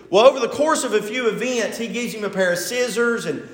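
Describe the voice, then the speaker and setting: A man's voice: high-pitched, fast talker, a bit bright. An older man preaching a sermon as pastor, retelling a story in a folksy, conversational way. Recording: echoey hall.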